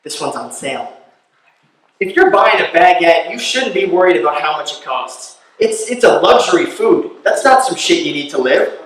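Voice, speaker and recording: Echoey stand-up comic, slightly high voice. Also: male voice, expressive, moderate pace, distant mic. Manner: storytelling, builds to loud incredulous rants. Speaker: stand-up comedian. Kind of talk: stand-up comedy set. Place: live comedy venue. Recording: very echoey room, voice from off-mic.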